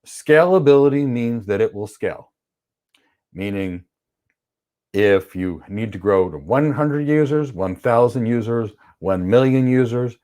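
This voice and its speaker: Speaking a little slowly in a warm, mid-range voice with lively intonation, a man teaches a cloud certification course on a livestream. He reads viewer questions aloud and answers bluntly with strong opinions, acting out examples in playful voices.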